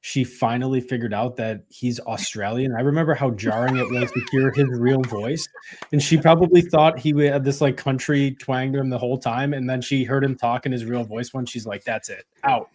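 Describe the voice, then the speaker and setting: A man's voice: mid-range voice, fairly even intonation, fairly quick, darkish tone. A man in casual podcast chat, delivering jokes in a wry way.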